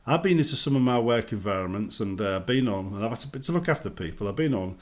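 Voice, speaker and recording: A man's voice: on the low side, lively intonation, fast. A British man giving casual advice on a gaming vlog, chatty and acting out everyday greetings. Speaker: gaming vlogger.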